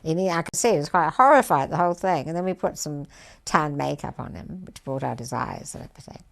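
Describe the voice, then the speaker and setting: An older woman looking back on a production in an interview. Her voice is very low, with a gravelly creak, and she pauses often to find her words. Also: lively intonation. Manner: measured, many fillers. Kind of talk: reflective interview recollection.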